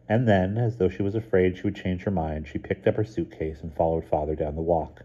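A man reading a chapter aloud in a calm, even way. His voice is deep and very mellow, and the recording sounds dull and lo-fi. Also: fairly quick, few pauses, husky. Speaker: reader. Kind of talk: storybook narration.

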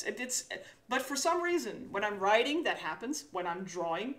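A woman chatting casually on a live stream, an animated storyteller who swears and laughs often. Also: medium pitch, a little fast. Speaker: author guest.

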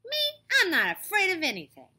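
A woman voicing an excitable, fearless young girl doll in a storybook reading, with a wide-eyed manner. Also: on the high side, normal speed, pitched above the performer's own voice, heavily acted. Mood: eager.

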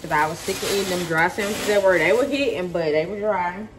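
A woman's voice: on the low side, fairly quick. Chatty woman vlogging over background noise. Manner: chatty, talks straight to viewers, repeats herself for emphasis. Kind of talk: casual chat to camera. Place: at home, kitchen. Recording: noisy home recording.

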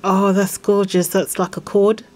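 Excitable woman unboxing craft stuff, lots of gasps and breathy little whispers, slow talker. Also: medium pitch. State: unwell. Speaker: craft vlogger opening mail from viewers. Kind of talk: casual unboxing vlog.

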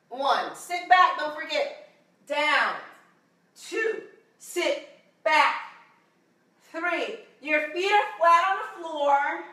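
A woman's voice: sits high, sharp tone. A woman fitness instructor leading a home workout, counting reps and encouraging viewers, getting out of breath at times. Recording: echoey room, voice from a distance.

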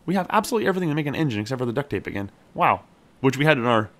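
A gameplay streamer, male, talks very fast with a mid-range, slightly bright voice and lively intonation. He's chatting through a survival game in casual let's-play style, addressing his character and cheering every catch.

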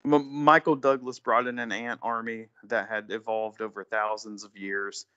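A man's voice: on the low side, little pitch movement, normal speed, sharp tone, smooth, lo-fi sound. A man guest on a casual podcast movie review, laid-back and wry, joking about the film.

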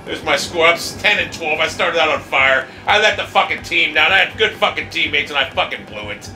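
A man with a high voice narrates his own shooter match, swearing freely and flaring into frustrated yells. Game music and gunfire play loudly behind him. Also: brisk. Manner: profane, excitable, yells in frustration. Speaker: gamer playing a shooter. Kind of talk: live gameplay commentary.

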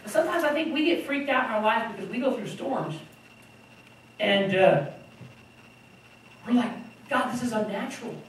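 A woman preaching a sermon, telling the story in an animated way and acting out the voices of the people in it. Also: fairly high pitch, moderate pace, pauses often. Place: church hall. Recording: echoey room from far off, faint noise.

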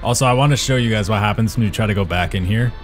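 A young man giving excitable let's-play commentary, swearing and yelling at the game as he plays. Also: on the low side, rapid-fire. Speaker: gaming YouTuber. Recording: game music playing behind.

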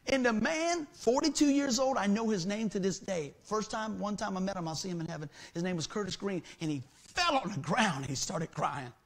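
A man's voice: sits high, expressive, fairly quick, hardly any pauses. A middle-aged man preaching a sermon in a church as pastor, telling stories with humor and acting out the voices in them. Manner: folksy storytelling, acts out quoted voices, jokes with congregation.

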